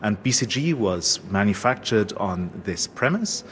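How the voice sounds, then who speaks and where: A man, a historian, explaining history in a measured academic way while standing at a historic site. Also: on the low side, sing-song, a bit bright, slight background noise.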